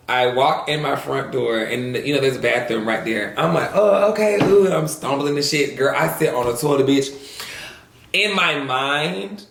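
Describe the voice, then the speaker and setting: A man's voice: medium pitch, creaky, fairly bright tone, echoey room. A man vlogging at home, telling crude stories in a sassy, casual way and calling the audience "girl". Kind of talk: casual storytelling mukbang chat.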